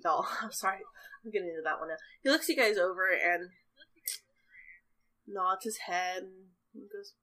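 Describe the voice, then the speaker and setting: A woman's voice: mid-range voice, sharp tone, low-quality recording. A woman narrating a tabletop role-playing game as game master, chatty and rambling, often laughing.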